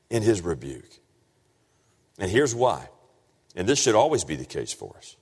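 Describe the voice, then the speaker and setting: Guy preaching, dips low and quiet then gets loud and high, lots of pitch swing, echo of a big hall. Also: sing-song, unhurried, long pauses, breathy edge. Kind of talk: sermon. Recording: long reverb of a large hall.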